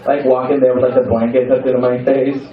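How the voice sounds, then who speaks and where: A man's voice: medium pitch, little pitch movement, fast, recorded from a distance. Young male comic riffing with a crowd. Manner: playful, crowd-teasing, swears freely. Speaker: stand-up comedian. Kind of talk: stand-up comedy set. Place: comedy club. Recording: roomy club sound from afar, dull. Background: audience laughter.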